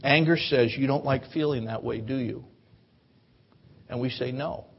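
Husky-voiced preacher, lo-fi church recording. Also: male voice, mid-range voice, unhurried. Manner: conversational, earnest preaching with repeated restarts. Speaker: pastor. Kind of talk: sermon. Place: church sanctuary.

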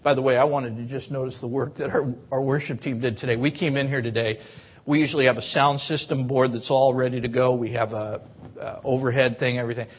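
A man's voice: mid-range voice, steady tone, brisk, slightly rough, lo-fi sound. A man preaching a sermon to his congregation in a church, in an earnest, conversational way, sometimes stumbling over his words. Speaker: pastor. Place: church sanctuary.

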